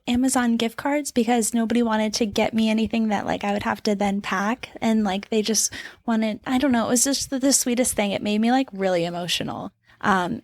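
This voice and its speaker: In a dry, close-sounding recording, a podcast co-host with a mid-range voice chats casually. She speaks openly, with lots of laughter and playful side comments.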